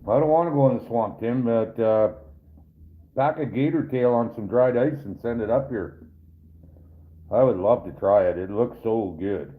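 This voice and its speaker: A man's voice: medium pitch, moderate pace. A man hosting a casual live stream as a trapper, chatting with viewers in a rambling, folksy, joking way. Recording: tinny phone-like sound.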